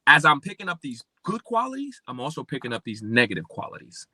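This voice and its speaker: Bright-voiced man telling his story. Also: wildly swooping pitch, fast talker, husky, no room sound. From Pennsylvania. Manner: acts out remembered dialogue with big pitch swings. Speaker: podcast guest. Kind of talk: personal storytelling in an interview.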